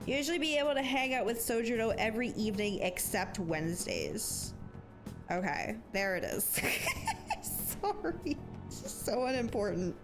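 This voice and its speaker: A woman's voice: a little high, expressive, moderate pace. A young adult woman streaming a game, chatting casually and self-deprecating, swearing now and then. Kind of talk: casual live gameplay commentary. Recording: game music behind her voice.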